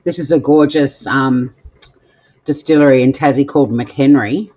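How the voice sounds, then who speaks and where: A woman's voice: a bass voice, fairly even intonation, normal speed, darkish tone, lo-fi sound. An Australian woman hosting a live cooking stream from her home kitchen, chatting to viewers in a bubbly way as she cooks. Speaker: cooking show host.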